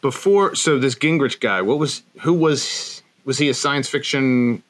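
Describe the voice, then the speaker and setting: A male interviewer with an ordinary mid-pitched voice. He asks short, halting questions, and at times he plays dumb to draw the story out. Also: fairly bright tone.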